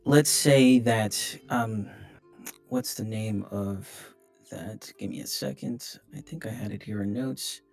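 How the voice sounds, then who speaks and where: Low-voiced man thinking aloud in a tabletop game. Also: takes it slowly, vocal fry, a little mellow, soft background music. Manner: hesitant, thinking aloud with fillers. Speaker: player.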